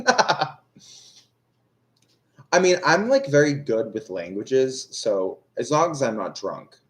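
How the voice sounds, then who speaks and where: Rambling young man with a lively voice. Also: mid-range voice, unhurried. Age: young adult. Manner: rambling, self-deprecating, many fillers and restarts. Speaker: tarot reader on a live stream. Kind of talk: casual chat with live viewers.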